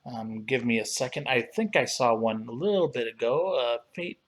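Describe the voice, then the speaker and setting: A man hosting a casual livestream, talking in an unhurried, relaxed way as he browses and reads things aloud. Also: mid-range voice. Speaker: livestream host reviewing collectible figures.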